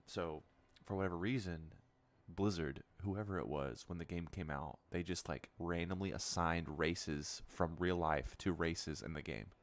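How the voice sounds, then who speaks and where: A man's voice: sits low, a little slow. A young man chatting casually while he plays a game, rambling and amused, often restarting his sentences. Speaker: gaming streamer. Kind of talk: casual chat while gaming.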